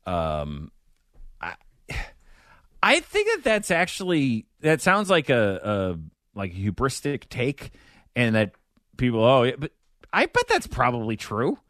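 Male podcast co-host, bright and animated, wry banter, dry studio sound with soft music. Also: mid-range voice, slow, long pauses, no echo. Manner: animated, wry, trails off and restarts.

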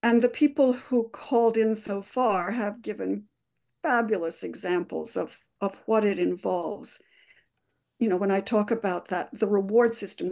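A woman neuroscientist guest explaining love at first sight on a radio call-in show in a measured way. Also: mid-range voice, gravelly, a little mellow.

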